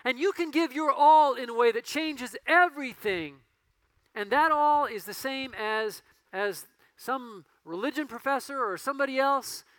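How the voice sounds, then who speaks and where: A male pastor giving a conversational sermon that rises to emphatic peaks and drops to quiet storytelling. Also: extremely high pitch, a little slow, dry recording, rough recording.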